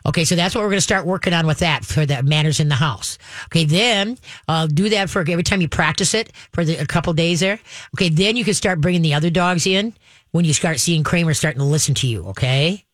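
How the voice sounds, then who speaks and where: A woman hosting a call-in show as a dog trainer, giving direct, step-by-step advice to a caller and acting out calm commands, often checking in with "okay?". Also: deep voice, quick pace, dry recording, studio quality. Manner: frequent checks like "okay?" and "all right?".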